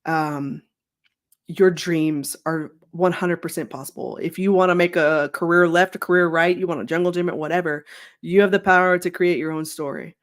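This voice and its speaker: A woman's voice: fairly low pitch, steady tone, normal speed. Candid, talkative woman on a video call. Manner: candid, talkative, laughs easily. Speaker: sports journalist guest. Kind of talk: casual interview chat.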